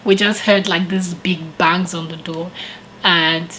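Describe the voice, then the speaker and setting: A woman vlogger casually telling a personal story with animated retellings and frequent laughter. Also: lowish voice, slow pace, a little hiss or hum, low-quality recording. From living in Canada.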